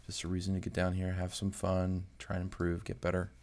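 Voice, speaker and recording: Brisk and monotone, a man with a low, slightly mellow voice talks his way through a drawing. He's an amateur artist with a drawing channel, rambling casually. He muses aloud, hesitant and self-deprecating about how his work is going.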